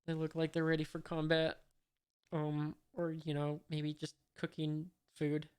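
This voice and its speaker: A smooth, clear voice that reads a comic chapter slowly and flatly, barely rising or falling. The speaker stumbles through frequent fillers and drops in dry, puzzled remarks. The dialogue is read out plainly, with no character voices. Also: mid-range voice. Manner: wry, mildly puzzled asides. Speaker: manga reader and commentator.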